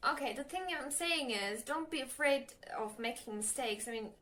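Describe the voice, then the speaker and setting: A young woman with a Turkish accent, a Turkish native speaker, chatting nervously in a casual advice vlog, halting with many fillers and self-corrections. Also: sits high, sharp tone. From Turkey. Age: young adult. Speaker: language learner vlogger.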